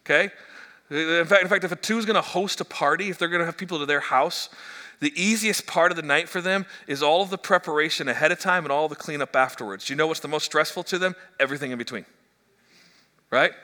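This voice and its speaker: A middle-aged man preaching a sermon as pastor, animated and joking, stumbling into quick restarts. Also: a little high. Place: church hall. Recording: echoey church hall.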